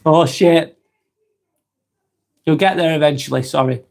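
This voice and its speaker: A man in his forties with an East Lancashire accent, hosting a live stream and reading out viewer comments in a slow, halting way with many ums. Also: on the high side, vocal fry. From England. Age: 40s.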